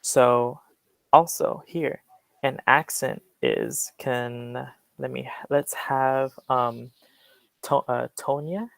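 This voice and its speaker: A man's voice: mid-range voice, expressive, extremely slow, vocal fry, dry recording. A young man explaining accents to a class over a video call, with hesitant, filler-heavy speech. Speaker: guest English speaker.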